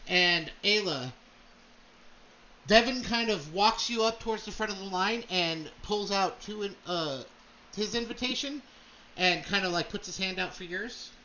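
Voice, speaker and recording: Bright-voiced male game master. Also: high-pitched, unhurried, lo-fi sound. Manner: casual, many fillers. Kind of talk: narrating a tabletop game.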